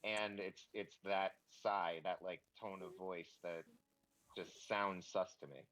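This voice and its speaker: Low-voiced man thinking aloud mid-game. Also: steady tone, takes it slowly, fairly bright tone, low-quality recording. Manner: thinks aloud, many restarts. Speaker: game player. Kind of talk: casual chat while streaming a game.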